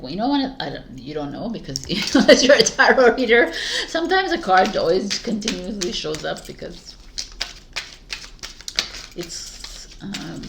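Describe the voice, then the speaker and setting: A woman's voice: lowish voice, gravelly, noisy background. A woman doing tarot intros who keeps laughing, stumbling over her words and swearing casually. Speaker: tarot reader. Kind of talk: casual blooper chat.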